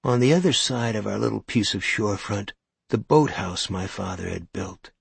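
A man narrates a first-person story in an even, measured manner. His voice is low and husky. The recording is close and dry, with no room sound. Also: no room sound. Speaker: audiobook narrator.

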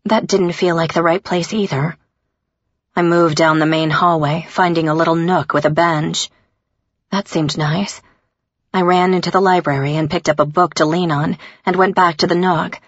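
Low, husky woman narrating an audiobook. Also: no echo. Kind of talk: first-person audiobook narration. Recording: dull lo-fi recording.

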